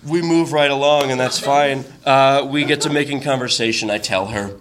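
A man's voice: mid-range voice, moderate pace, crowd noise. A man telling a comic personal story on stage, chatty and full of restarts. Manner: conversational, with frequent restarts and fillers. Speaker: storyteller at a live show. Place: stage before a live audience.

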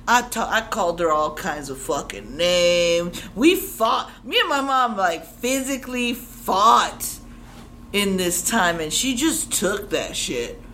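A young woman from Chicago telling a personal story on stage, animated and profane, acting out the voices she quotes. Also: lowish voice, slight background noise. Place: stage before a live audience.

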